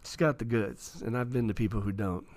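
Animated man telling a story. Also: on the low side, brisk. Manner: animated, acts out quoted dialogue. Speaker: author and guest. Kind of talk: casual interview storytelling. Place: studio.

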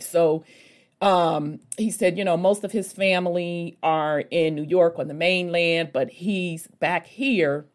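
A woman telling a travel story to her viewers in a casual, folksy way, rambling with asides and calling the listener baby and honey. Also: lowish voice. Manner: rambling, with many fillers and asides.

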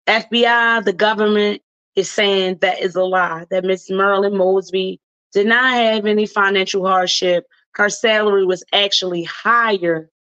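A Baltimore woman with a local accent hosts casual talk radio, chatting loosely, laughing often, and leaning on slang. Her voice is medium-pitched and a bit bright, and the recording sounds lo-fi.

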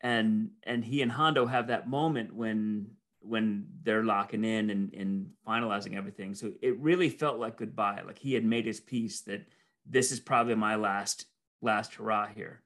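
A man's voice: on the low side, normal speed, fairly bright tone. A man in casual conversation, enthusiastically recounting film scenes and often restarting his sentences. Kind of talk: casual movie review chat.

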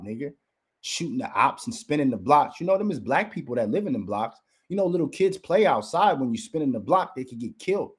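A fired-up man hosts his podcast and rants at a rival, firing off one rhetorical question after another. His voice sits a little high for a man. He keeps hammering the same name over and over for emphasis. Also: darkish tone. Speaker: podcast host. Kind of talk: heated commentary rant.

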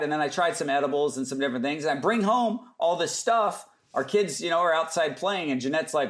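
A man's voice: a little high, lively intonation, quick pace, few pauses. A man as a podcast guest, telling casual stories and acting out other people's lines as he goes. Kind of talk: casual storytelling interview.

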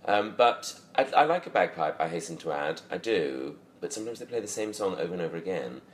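A man's voice: low voice, expressive, a little fast, a little hiss or hum. A man co-hosting a podcast in casual chat, dry and self-mocking, recorded in an echoey bedroom. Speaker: podcast co-host. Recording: echoey room, faint ambience.

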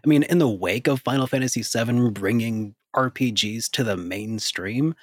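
A man chatting on a podcast, circling his points with lots of fillers and hedges. The sound is close and dry. His pitch sits in the middle for a man. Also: moderate pace, no room sound. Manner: rambling, hedging with "I feel like". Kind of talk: casual chat.

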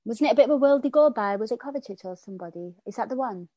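A woman's voice: a little high, expressive, racing, dark tone, dry recording, highs cut off. A woman co-hosting a podcast, chatting casually about football and telling stories with a laugh. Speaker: podcast co-host.

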